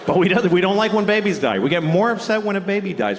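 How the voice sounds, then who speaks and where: Stand-up guy ranting, swearing, pitch jumping all over, noisy club. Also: quick pace, few pauses. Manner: profane, deadpan ranting with acted-out voices. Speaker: stand-up comedian. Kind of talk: stand-up set. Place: comedy club stage. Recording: live club recording with noisy room.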